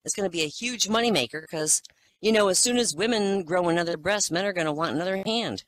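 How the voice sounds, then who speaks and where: A woman's voice: lowish voice, quick pace, slight background noise. A woman telling a string of jokes, laughing at her own punchlines and jumping into character voices. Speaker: joke teller. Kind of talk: telling jokes to a live audience.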